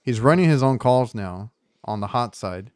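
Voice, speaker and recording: A man's voice: medium pitch, animated, moderate pace, no echo, studio quality. An American man co-hosting a casual podcast, a working HVAC technician who talks in a loose, rambling way with frequent restarts. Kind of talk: casual chat.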